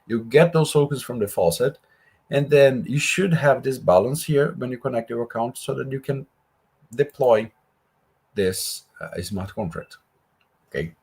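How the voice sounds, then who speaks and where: A man's voice: medium pitch, expressive, a little slow, a little mellow, slightly rough. A man teaching a live coding workshop, explaining each step in a conversational way with asides. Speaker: workshop instructor.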